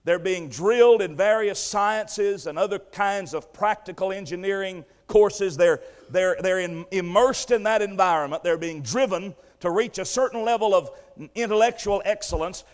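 A man's voice: high voice, moderate pace. A man preaching a sermon, retelling a story vividly and emphatically with repeated phrases. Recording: long hall reverb.

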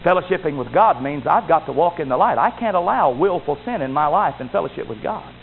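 A high-voiced man preaches with a very lively, swooping pitch, rising to loud exclamations and dropping to low asides. The sound is thin and phone-like, with a faint hiss behind it. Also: brisk, creaky, soft background music. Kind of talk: sermon.

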